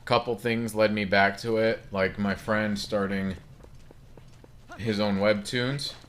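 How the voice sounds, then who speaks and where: A man's voice: on the low side, fairly even intonation, slow pace, fairly bright tone, slight background noise. A man giving casual gameplay commentary, rambling and apologetic, often putting himself down. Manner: rambling, apologetic, self-deprecating. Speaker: let's play gamer.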